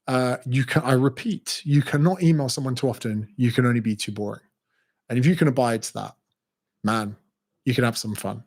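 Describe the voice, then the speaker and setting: Casting: male coach, mid pitch, blunt and profane, tells anecdotes. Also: a little mellow. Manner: blunt, sweary, storytelling. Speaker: fitness business coach. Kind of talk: direct-to-camera business advice.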